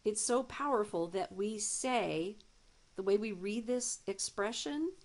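A woman math teacher explaining a recorded demo lesson step by step, with deliberate pacing and playful asides. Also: medium pitch.

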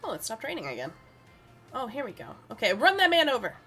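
A woman's voice: fairly high pitch, wildly swooping pitch, quick pace, bright, forceful tone. A young woman streaming a video game, giggly and chatty, talking to the characters on screen. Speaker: gaming streamer. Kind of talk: casual let's-play commentary. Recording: faint game music behind.

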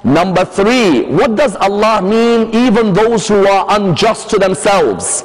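A man's voice: sits high, animated, measured pace. A man giving a religious lecture, telling the story with emphasis and posing rhetorical questions. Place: Islamic centre lecture hall. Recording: long hall reverb.

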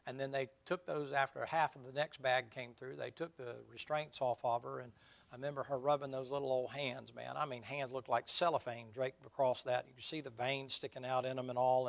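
A middle-aged man preaching a sermon, telling folksy stories and building to loud, emphatic points. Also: mid-range voice, gravelly.

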